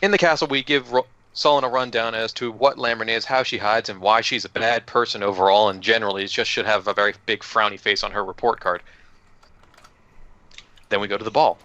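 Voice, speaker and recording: A man with a bright, forceful voice runs through last session's events for his tabletop group in a loose, joking way, cursing here and there. The sound is dry and a little dull, like a lo-fi recording. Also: fairly low pitch, steady tone, a little fast, no room sound. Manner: loose and joking, with swearing and laughs. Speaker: player recapping the last session. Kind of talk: casual recap of a tabletop game. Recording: dull lo-fi audio.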